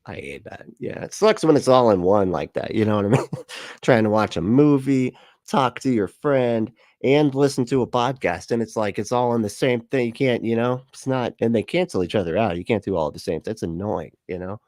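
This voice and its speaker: A man chats casually on his livestream, reading out viewer comments, laughing between lines and dropping swear words as he drifts off on tangents. His voice sits a little low and sounds dry and close to the mic. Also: animated, moderate pace, a little mellow, no room sound. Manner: laughs often, swears casually, chatty and rambling. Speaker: livestream host reading chat. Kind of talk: casual chat.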